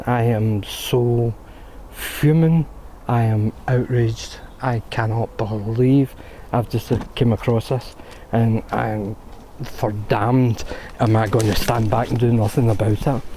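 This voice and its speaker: A man's voice: medium pitch, dark tone, slight background noise. A man vlogging in a graveyard, ranting in outrage and swearing. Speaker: paranormal vlogger. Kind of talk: outdoor vlog monologue. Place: graveyard outdoors.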